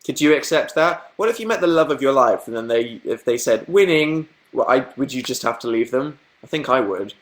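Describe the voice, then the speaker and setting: A man's voice: expressive, brisk, few pauses. A young man chatting casually on a livestream, telling stories, reading comments and laughing often. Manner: chatty storytelling, acting out quotes in higher voices, laughing. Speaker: livestream host.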